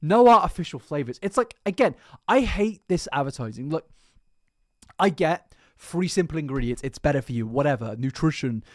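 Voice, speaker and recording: A woman's voice: low voice, normal speed, dry recording, clean studio sound. A woman from Britain, live streaming and ranting casually to chat, swearing freely. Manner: animated, swears a lot, reacts to chat.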